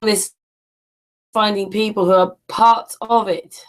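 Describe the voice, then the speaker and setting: Woman co-host, mid-pitch, chatty sign-off. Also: steady tone, slow pace. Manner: chatty and friendly, thanks viewers. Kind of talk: casual chat wrapping up a stream.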